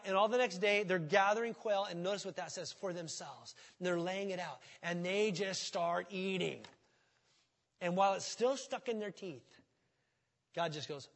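A man preaching a sermon as pastor, animated and acting out quotes in mocking voices. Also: high voice, big-room sound.

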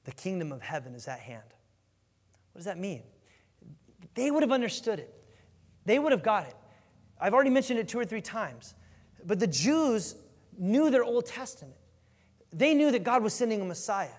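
A man preaching a sermon as a pastor, animated and emphatic, often repeating words as he builds a point. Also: sits high, big-room sound.

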